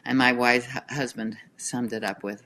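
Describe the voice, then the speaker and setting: Brief: middle-aged woman, guest author, lively chatty storyteller. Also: extremely low pitch, moderate pace, slight background noise. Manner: animated storyteller, reads aloud from her book. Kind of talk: casual chat.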